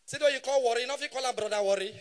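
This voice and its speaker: A man in his thirties with a Nigerian Pidgin English accent, doing live stand-up comedy on stage and shouting punchlines in bursts. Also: extremely high pitch, rapid-fire. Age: 30s.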